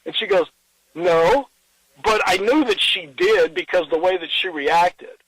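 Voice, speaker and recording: High-voiced middle-aged man recounting. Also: fairly bright tone, husky, no echo, low-quality recording. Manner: earnest and halting, with many restarts and quoted dialogue. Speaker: interviewee. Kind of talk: recounting a personal story in an interview.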